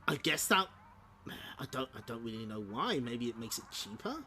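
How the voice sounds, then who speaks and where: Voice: mid-range voice, big pitch swings, moderate pace, sharp tone, faint music behind. A streamer reading a comic aloud on stream, breaking off for playful, chuckling asides about the art and story. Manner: playful, chuckling asides between read panels. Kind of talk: casual comic read-along with commentary.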